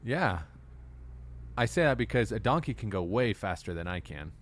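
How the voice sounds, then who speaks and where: A man's voice: fairly low pitch, expressive, moderate pace. A man hosting a casual chat, putting questions to his co-hosts and laughing often. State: out of breath.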